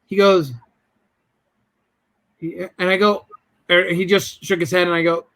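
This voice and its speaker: A man's voice: sits high, level tone, measured pace, a bit bright. A man telling a business story as a guest in an interview, acting out both sides of the conversations.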